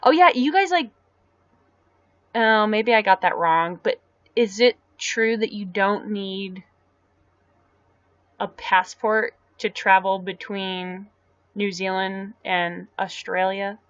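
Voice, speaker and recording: Live-stream host, woman, mid-range pitch, casual rambling replies to chat, dry lo-fi webcam audio. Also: slow pace, long pauses, no echo. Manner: rambling, answering viewer comments aloud.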